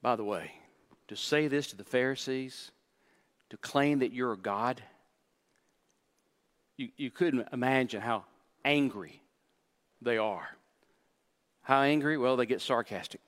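A male pastor delivers a sermon with a middle-pitched voice. He explains scripture line by line. His intensity swells and drops, and he trips into quick restarts when he presses a point. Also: a bit bright. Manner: emphatic preaching, explaining scripture verse by verse; rising and falling intensity, with short stammered restarts.

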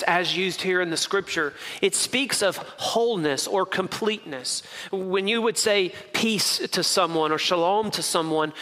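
High, bright-voiced man preaching in a hall. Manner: preaching with emphatic repetition. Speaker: pastor. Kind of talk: sermon. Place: church sanctuary. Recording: reverberant hall.

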